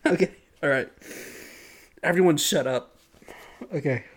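A man co-hosting a podcast, chatting casually as he recaps an episode, joking, laughing often and poking fun at himself. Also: on the high side. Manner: jokey, laughs often, self-mocking. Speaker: podcast co-host.

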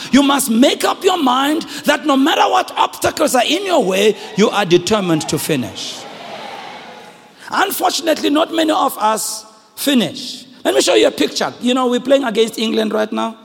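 South African man preaching in a reverberant church hall, high lively voice with a gravelly edge, playful and fervent. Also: moderate pace, some chatter behind, a little hiss or hum. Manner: animated, shouts at peaks, joking with the congregation. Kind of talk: sermon. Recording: long echoing hall reverb.

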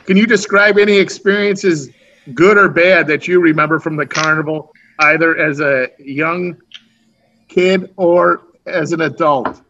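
A man's voice: on the high side, fairly even intonation, unhurried, sharp tone, dull audio, slight background noise. A man hosting a casual podcast, reading listener questions and telling corny jokes. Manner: reads listener mail, tells corny jokes. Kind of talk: casual chat.

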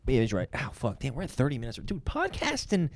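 A man's voice: medium pitch, very fast, dry recording. A man co-hosting a podcast, swapping crude, laid-back banter. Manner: profane, laid-back, lively. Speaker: podcast co-host.

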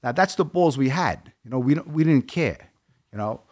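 A man's voice: medium pitch, expressive, normal speed, a little mellow. A man from Brooklyn with a Brooklyn accent, a guest telling his story bluntly in a casual interview and quoting dialogue. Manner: blunt, streetwise, quotes dialogue.

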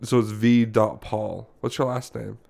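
A man hosting a podcast in casual chat, playful and full of quick questions. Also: lowish voice, flat delivery, vocal fry, darkish tone. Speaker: podcast host.

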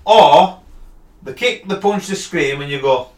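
A man's voice: on the high side, animated, unhurried, darkish tone, slight background noise. A man, ranting bluntly and swearing a lot in casual chat. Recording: echoey room.

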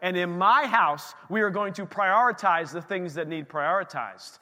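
A man's voice: high-pitched, normal speed, bright, forceful tone. A man voicing Jesus as an indignant man rebuking the temple, with emphatic exclamations, in a sermon. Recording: reverberant church hall.

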